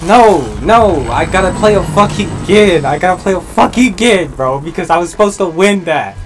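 A young man commentating his own gameplay, swinging from muttered asides to loud, exasperated outbursts of profane trash talk. His voice sits high and jumps around a lot, with clear game music playing behind him. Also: lively intonation, normal speed, few pauses. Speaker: gaming video creator.

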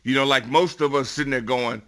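Emphatic, bright-voiced man on sports radio. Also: mid-range voice, fairly even intonation, fairly quick. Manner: emphatic, builds to loud bursts. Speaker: guest football analyst.

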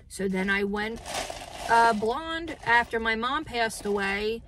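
A woman's voice: a little high, slow pace, background noise. A woman vlogging in casual, rambling chat from her car, with many fillers and self-corrections. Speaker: beauty vlogger. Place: in a parked car.

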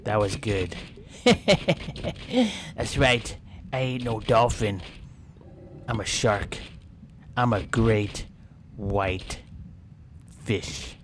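A man's voice: fairly low pitch, fairly even intonation, drawn-out words, long pauses, a little hiss or hum. A man voicing a sly male great white shark who poses as a friendly dolphin, with a mock-friendly, boastful manner. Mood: menacing.

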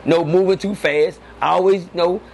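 Male interview guest, casual profane storyteller, animated, a bit higher voice, noisy hum behind. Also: moderate pace, creaky. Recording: noisy background.

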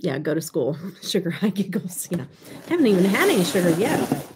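A woman's voice: fairly low pitch, big pitch swings, brisk, background noise. A middle-aged woman hosting a live stream in giggly casual chat. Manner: giggly, chatty.

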